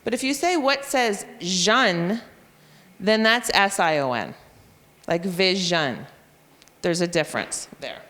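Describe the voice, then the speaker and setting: A woman teacher walks fellow educators through a phonics method, spelling letters and sounding them out slowly. Her explanatory talk has a long reverb, as if spoken in a large hall. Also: on the low side, big pitch swings, a bit bright. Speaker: reading intervention teacher. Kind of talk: professional development presentation. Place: school room or hall.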